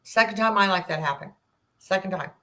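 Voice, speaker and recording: A woman in her sixties, a podcast guest, telling a personal story in an animated way and acting out the dialogue. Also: mid-range voice, fast talker. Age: 60s. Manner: animated, acts out quoted dialogue, rambling restarts.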